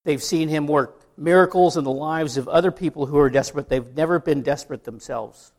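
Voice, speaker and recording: A middle-aged male pastor from the United States delivers a sermon in a relaxed, talky manner. His voice sits a touch higher than most men's and carries a gravelly edge. He keeps asking the congregation questions as he goes. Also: brisk. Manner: conversational preaching with asides and rhetorical questions.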